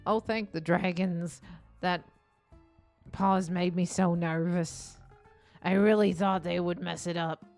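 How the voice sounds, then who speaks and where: A woman voicing a boisterous old southern woman patron in a tavern game, in a put-on Southern US accent, loud and theatrical. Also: on the low side, fairly even intonation, slow pace, long pauses, soft background music. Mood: relieved.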